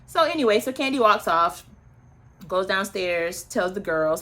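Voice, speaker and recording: Woman in her early thirties, bright voice, chatty opinionated recap host, asides to viewers. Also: mid-range voice, animated, unhurried. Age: early 30s. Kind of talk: casual recap chat.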